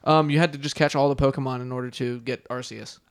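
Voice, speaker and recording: A young man rattles through a casual chat at a quick clip, his voice clean and clear. He rambles through long explanations, leaning on fillers as he goes. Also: mid-range voice, steady tone.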